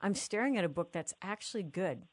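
A woman's voice: fairly low pitch, expressive, fairly quick, slightly rough, no echo, clean studio sound. A woman hosting an interview, talking casually and enthusiastically. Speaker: host. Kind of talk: casual chat.

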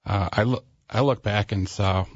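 A man, guest on a radio show with his wife, speaking in a halting, reflective way. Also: on the low side, no echo, lo-fi sound. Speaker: guest, host's husband. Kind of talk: casual conversation. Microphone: studio microphone.

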